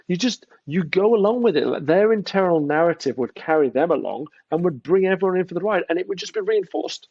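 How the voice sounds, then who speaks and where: Gravelly, husky man telling a story. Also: fairly high pitch, fast, no room sound. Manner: animated storytelling, acts out quoted voices. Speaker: guest entrepreneur. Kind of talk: casual interview chat. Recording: dry, dull lo-fi sound.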